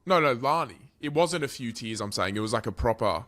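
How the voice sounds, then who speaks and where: A young Australian man telling a story on a podcast, animated and sweary, his voice swinging between loud and quiet. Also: medium pitch, brisk. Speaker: podcast co-host. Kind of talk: casual storytelling chat.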